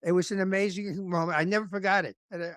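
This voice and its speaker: A man co-hosting a podcast interview, telling lively stories and laughing at himself. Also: high-pitched, fast, smooth, no echo, studio quality. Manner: animated storyteller, laughs at himself. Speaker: podcast co-host. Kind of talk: casual interview chat.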